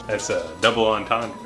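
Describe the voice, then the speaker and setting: A man hosting a casual cooking vlog in his home kitchen, with goofy, deadpan wordplay. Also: on the low side. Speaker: cooking show host. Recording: music playing underneath.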